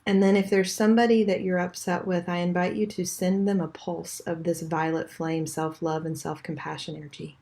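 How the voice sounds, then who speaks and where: A woman guiding a meditation in a soft, slow, soothing way, her voice trailing off quietly at the end of phrases. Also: lowish voice, flat delivery. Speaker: energy healing teacher. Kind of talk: guided meditation.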